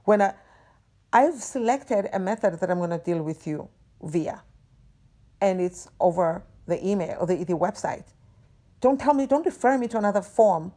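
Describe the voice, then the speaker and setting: A woman's voice: medium pitch, lively intonation, moderate pace, warm tone. A woman hosting a podcast, delivering an exasperated, profane and emphatic ranting monologue. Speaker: podcast host.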